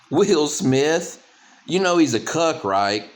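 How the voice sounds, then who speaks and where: A man's voice: on the high side, very animated, extremely slow, roomy sound, slight background noise. Scornful ranting male commentator. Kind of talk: mocking reaction commentary.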